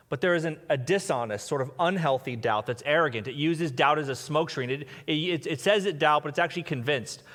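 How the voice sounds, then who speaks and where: A man's voice: mid-range voice, a bit bright. A man preaching a conversational sermon as a pastor, thinking aloud with restarts and fillers. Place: large church hall. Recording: reverberant hall.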